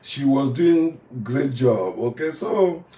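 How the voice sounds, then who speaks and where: A man's voice: medium pitch, expressive, slow pace, warm tone. Combative Nigerian man ranting in an echoey room. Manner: preachy, combative, repeats phrases for emphasis. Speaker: former pastor turned online commentator. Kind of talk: heated monologue rant to camera. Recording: echoey room, voice from a distance off the mic.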